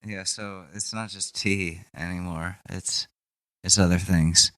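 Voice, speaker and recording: A man's voice: deep voice, fairly even intonation, a little slow, a bit bright. Joking, foul-mouthed young male podcast host. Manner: joking, swears freely, rambling asides. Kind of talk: casual comedic chat.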